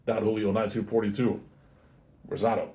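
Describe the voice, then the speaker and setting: A man's voice: on the low side, lively intonation, measured pace, mellow. Laid-back man hosting a whiskey tasting. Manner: chatty, easygoing, self-correcting. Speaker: whiskey reviewer host. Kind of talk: casual tasting review.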